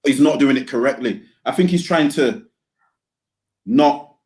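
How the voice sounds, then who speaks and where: A young man co-hosting a football podcast in slangy, animated banter. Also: medium pitch, measured pace. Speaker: podcast co-host. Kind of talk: casual podcast chat.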